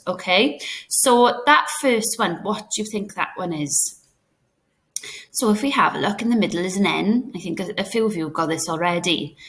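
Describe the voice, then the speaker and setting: Slow, patient woman teacher. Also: mid-range voice, a bit bright. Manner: slow, patient, step-by-step with many fillers and "okay?". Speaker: Welsh teacher. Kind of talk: recorded home-learning lesson for children.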